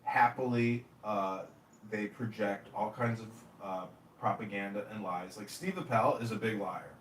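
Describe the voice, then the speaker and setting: A man's voice: on the low side, unhurried. A man telling casual, rambling stories with lots of swearing, acting out the people he quotes. He sounds far from the microphone in an echoey room. A faint hiss sits under his voice. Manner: animated, acts out quoted voices, profane. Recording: echoey room, distant from mic, faint noise.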